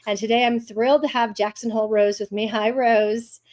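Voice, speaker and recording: A woman's voice: fairly high pitch, fairly even intonation, a little fast, a little mellow. A woman hosting an interview podcast, upbeat, asking open questions. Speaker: podcast host.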